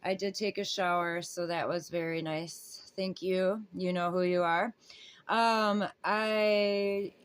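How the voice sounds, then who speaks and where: A woman casually reading a book aloud, breaking off with rambling, self-interrupting asides and casual swearing. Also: on the low side. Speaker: book reader.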